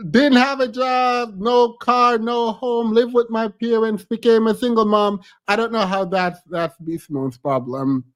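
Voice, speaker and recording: A woman's voice: a little high, steady tone, measured pace, no room sound. A woman streaming her reaction to a clip, laughing often and mocking what she hears in casual commentary.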